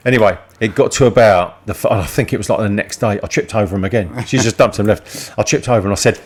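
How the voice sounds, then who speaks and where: An older man with a lowish voice, chatting casually with a friend. He tells family stories with plenty of swearing and laughs at his own tales. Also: fast. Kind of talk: casual chat.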